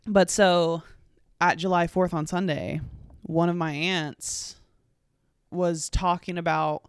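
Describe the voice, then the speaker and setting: Twenty-something american girl ranting on her pod, lots of likes and swearing, crisp voice, dead dry mic. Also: lowish voice, steady tone, takes it slowly, no room sound. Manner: rambling, sweary, filler-heavy, sarcastic. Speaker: podcast host. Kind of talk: casual solo podcast chat.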